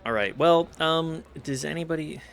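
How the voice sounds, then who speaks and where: Gravelly rambling game streamer, man. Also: a little high, moderate pace, fairly bright tone. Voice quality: vocal fry. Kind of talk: casual gaming chat.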